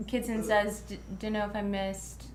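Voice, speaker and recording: A woman's voice: mid-range voice, flat delivery, moderate pace, reverberant, crowd noise. A woman co-hosting a casual livestream, reading out chat questions in a dry, teasing way.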